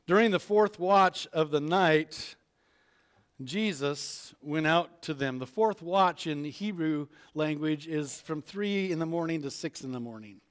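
Man preaching, storyteller's sermon, higher pitch. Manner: retells scripture conversationally, acts out voices, chuckles.

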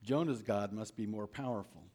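A man's voice: lowish voice, normal speed, warm tone. A man preaching a sermon, reading a Bible story aloud and asking his listeners rhetorical questions.

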